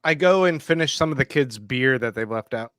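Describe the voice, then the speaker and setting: A man's voice: mid-range voice, lively intonation, brisk, fairly bright tone, no room sound, studio quality. A man playing a tabletop game, joking and impulsive, laughing easily. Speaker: player. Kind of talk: casual tabletop game play.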